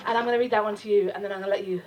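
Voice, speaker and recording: A woman's voice: mid-range voice, steady tone, rapid-fire, a little mellow, recorded from a distance, rough recording. A middle-aged woman performing her poetry live, with a rhythmic, impassioned delivery and chanted refrains. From England. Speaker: performance poet. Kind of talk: live spoken-word poetry. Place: outdoor festival stage.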